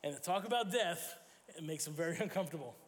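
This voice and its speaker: A man's voice: on the high side, animated, fast, long reverb tail. A man preaching a sermon as pastor, telling stories and acting out quoted voices. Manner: storytelling with acted quotes and self-corrections. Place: church sanctuary.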